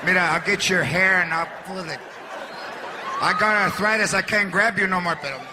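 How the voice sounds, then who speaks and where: A man's voice: high voice, steady tone, moderate pace, background noise, pitched below the performer's own voice, close to an everyday voice. A man putting on a huffy old abuela. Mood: indignant. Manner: indignant, huffy denials. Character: stubborn elderly grandmother, denies everything. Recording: live stage with loud crowd.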